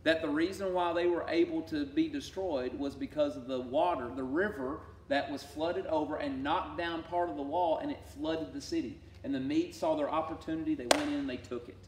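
A man teaching a sermon-style Bible study. He talks emphatically, swinging between loud declarations and hushed asides. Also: on the high side, fairly even intonation, brisk, few pauses, slight background noise. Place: church sanctuary. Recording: echoey church room from far off.

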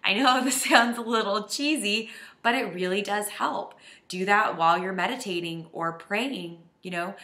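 A woman's voice: medium pitch, bright, forceful tone, reverberant. A woman life coach giving an earnest, heartfelt and emotional confessional self-help vlog.

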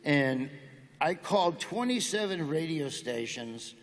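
A man's voice: on the high side, animated, slow pace. A middle-aged man with a rural Southern US accent, telling stories and jokes in an easygoing drawl as a comedian guest on stage. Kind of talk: on-stage interview storytelling. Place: large university auditorium stage. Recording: long reverb of a big hall. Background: audience.

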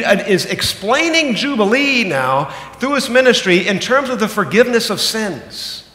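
A man in his thirties, a pastor, gives an animated sermon in a church sanctuary whose long reverb makes the hall echo. He is emphatic, but for key points he drops into low, slow asides before surging back to loud bursts.

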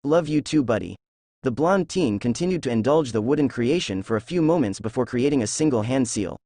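Male fan fiction narrator, steady storyteller, dry recording. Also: mid-range voice, fairly quick, no room sound.

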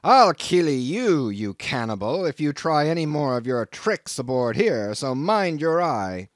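A man's voice: mid-range voice, very animated, extremely slow, no room sound, clean studio sound, exaggerated voice. A man voicing a gaunt, hot-tempered older ship captain who roars threats in a storybook reading. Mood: roaring. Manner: roaring, threatening.

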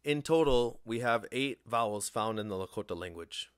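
A man giving a spoken language lesson, slow and deliberate, pronouncing each word on its own. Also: medium pitch, lively intonation, smooth, no echo, clean studio sound. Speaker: language teacher.

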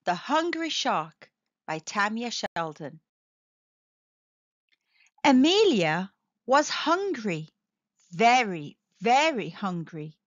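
A woman narrating a read-aloud storybook for children, sing-song and expressive as she talks straight to kids. Her voice is high and swoops widely at an unhurried pace. The recording is dry and a bit dull. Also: no echo.

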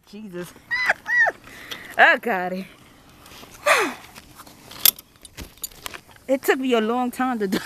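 A woman's voice: on the high side, sing-song, slow, long pauses, bright, forceful tone, slight background noise. A winded woman vlogging outdoors on a treetop ropes course, exclaiming and laughing as she narrates with a handheld camera. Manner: exclaiming, laughing, swearing, narrating her own struggle. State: out of breath. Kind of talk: casual self-filmed vlog.

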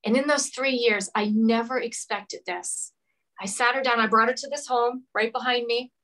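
A woman's voice: a little high, fairly even intonation, moderate pace, fairly bright tone, low-quality recording. A woman from Rhode Island, a podcast guest, earnestly telling a personal story of forgiveness. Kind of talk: emotional personal story in interview.

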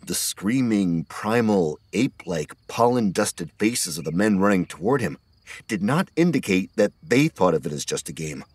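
A man narrating an audiobook horror story in a steady scripted reading. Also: deep voice, normal speed, husky, no echo.

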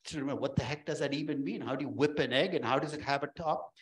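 A man, a university professor, giving a lively, joking lecture in a conversational way. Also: medium pitch, fast talker, poor audio.

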